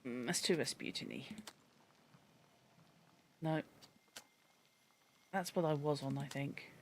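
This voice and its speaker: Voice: medium pitch, slow pace, slight background noise. A game streamer chatting and rambling while playing, musing aloud over word origins and character looks. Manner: chatty, reads from a dictionary, rambles, exclaims at a cat. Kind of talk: let's-play commentary.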